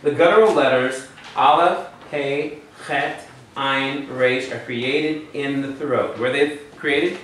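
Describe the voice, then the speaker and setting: A man's voice: medium pitch, slow pace, few pauses, fairly bright tone, slight background noise. A man teaching a Hebrew class, patiently quizzing students and walking them through the material. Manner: patient, asks the class questions. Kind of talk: classroom lecture. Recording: echoey room from far off.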